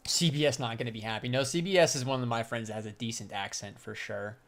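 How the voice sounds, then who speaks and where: A man's voice: medium pitch, fast. Slangy, profane young man streaming. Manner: loose, slangy and profane, laughs often. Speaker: livestreamer and crypto trader. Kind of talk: casual livestream chat, answering chat.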